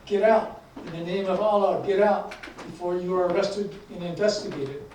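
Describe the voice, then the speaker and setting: A hostile young officer , voiced by a man, shouts commands. The pitch climbs above the reader's usual voice. Heavy hall reverb and distance surround it. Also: steady tone, normal speed, a little hiss or hum, close to an everyday voice. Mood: shouting. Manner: loud, commanding.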